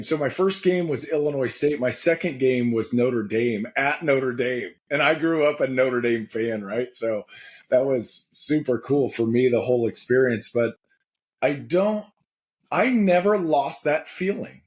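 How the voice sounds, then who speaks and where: A man in his forties, a former pro football player and podcast guest, telling lively, candid stories in casual conversation. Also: medium pitch. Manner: energetic, candid, animated retelling. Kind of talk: conversational storytelling.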